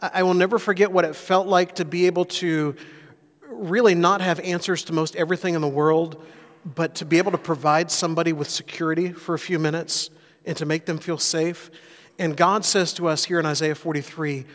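A middle-aged pastor preaching a sermon, telling a personal story in an earnest way. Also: male voice, fairly high pitch, steady tone, fairly quick. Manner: earnest storytelling, rising and softening for emphasis. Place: church sanctuary. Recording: reverberant church hall.

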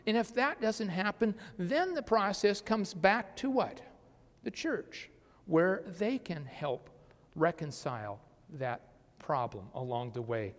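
A pastor giving a conversational sermon, asking the congregation rhetorical questions and often restarting his phrases. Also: on the high side. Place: church sanctuary. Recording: long hall reverb.

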